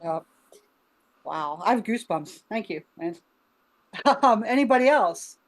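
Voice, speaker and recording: A woman's voice: medium pitch, expressive, unhurried. A woman from Arkansas hosting a casual group video call, chatty and laughing, talking with many fillers while sick with covid. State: ill with covid. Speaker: host.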